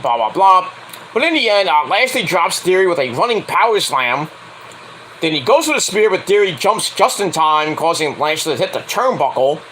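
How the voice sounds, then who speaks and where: A man recaps wrestling matches in a casual, profane way, mocking the people he talks about and acting out their lines. His voice sits high and bright, and his pitch leaps around as he talks. A faint hiss of room noise runs behind him. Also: very animated, normal speed, rough recording. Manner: blunt and profane, acts out quotes in mocking voices. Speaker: wrestling show reviewer.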